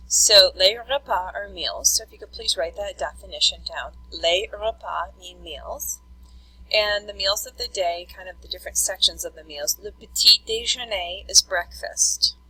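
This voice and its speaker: Woman teacher, slightly low and bright, walks a class through vocabulary step by step. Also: husky, rough recording. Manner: explanatory, repeats terms slowly for note-taking. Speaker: French teacher.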